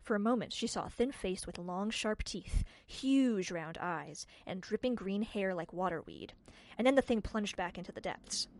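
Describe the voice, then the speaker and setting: A woman reads a storybook aloud in an expressive, measured voice of middle pitch. The recording is dry and close, with no room sound. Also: dry recording. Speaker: audiobook narrator. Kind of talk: scripted storybook narration.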